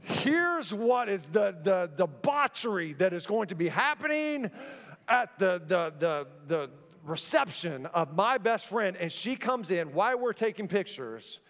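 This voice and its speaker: A man preaching a sermon from a church stage, an animated storyteller who acts out the scenes he describes. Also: sits high, measured pace. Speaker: pastor. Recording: long church hall reverb.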